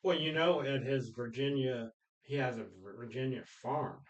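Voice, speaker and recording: A man talking through movies in a relaxed podcast chat. He retells scenes with animated, storytelling energy, often breaking into loud quoted lines and laughter. His voice sits in an ordinary middle pitch. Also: moderate pace, muffled recording. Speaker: podcast co-host. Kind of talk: casual film discussion.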